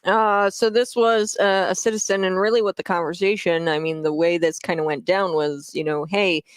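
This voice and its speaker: A woman's voice: lowish voice, fairly even intonation, moderate pace, dry recording. A woman hosting political commentary, talking in an emphatic, indignant way.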